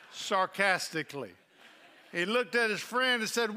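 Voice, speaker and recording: A man preaching a sermon woven with personal memories, earnest and heartfelt. His voice sits a little high and sounds bright and forceful. He eases into quiet, soft delivery at the tender moments. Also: expressive, brisk, smooth. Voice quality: earnest, drops soft when emotional.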